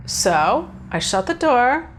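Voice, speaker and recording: A woman's voice: medium pitch, a little hiss or hum. A woman hosting a spiritual video talk, speaking earnestly and casually as she tells a personal story and thinks aloud. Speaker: host.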